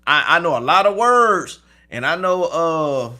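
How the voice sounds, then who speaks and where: Man, tarot reader, casual stream chat, bright tone, slightly high pitch, laughs at himself. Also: very animated, a little slow. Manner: chatty, repeats "okay?", stumbles and restarts, laughs at himself.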